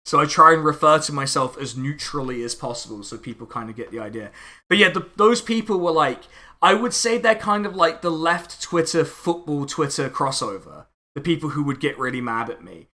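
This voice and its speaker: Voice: medium pitch, expressive, a little fast, bright, forceful tone. A non-binary streamer, chatting casually and sarcastically over lunch, ranting with lots of filler words. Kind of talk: casual chat.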